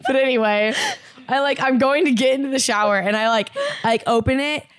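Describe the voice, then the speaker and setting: A woman's voice: high voice, a little fast, clean tone, no echo, clean studio sound. A woman in her twenties from Indiana, chatting casually as a podcast co-host and telling a story with lots of fillers and swearing. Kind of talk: casual chat.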